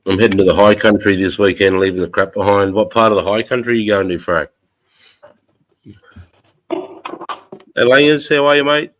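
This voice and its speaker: A man's voice: fairly low pitch, normal speed, long pauses, slight background noise. A man with an Australian accent hosting a live stream, telling stories with plenty of swearing and laughs, greeting viewers by name. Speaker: livestream host. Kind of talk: casual chat.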